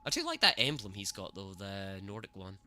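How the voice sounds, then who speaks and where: Bright, lively male game streamer. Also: sits low, moderate pace. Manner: excitable, talks to chat, swears at the game. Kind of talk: live gameplay commentary.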